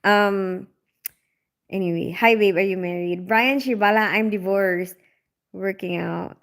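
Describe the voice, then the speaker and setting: A woman's voice: medium pitch, unhurried, vocal fry. Chatty giggling woman livestreamer. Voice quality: loud on calls. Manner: chatty, giggly, reads comments aloud. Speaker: livestream host reading viewer comments. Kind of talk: casual livestream chat.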